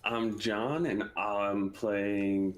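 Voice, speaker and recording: A man's voice: lowish voice, fairly even intonation, extremely slow. A man, a player at a tabletop game, talking in a hesitant, playful way with giggles. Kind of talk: casual chat.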